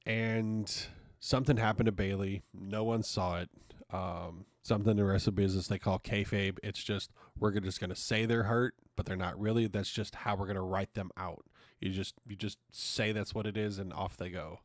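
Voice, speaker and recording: Guy ranting on his podcast, lowish voice, cusses a lot, dry close sound. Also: no echo. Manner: ranting, swears often, exasperated. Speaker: podcast host. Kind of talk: casual opinion monologue.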